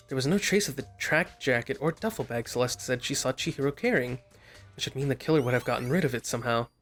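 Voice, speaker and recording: A man's voice: medium pitch, a bit bright. A young man casually commenting while playing a game, loose and chatty, often reading dialogue aloud. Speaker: let's play host.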